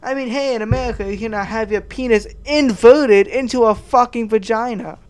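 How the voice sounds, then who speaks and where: Smooth-voiced man ranting crudely. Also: extremely high pitch, fairly quick. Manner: crude, heated, stammering restarts. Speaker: commentary vlogger. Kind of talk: ranting reaction commentary.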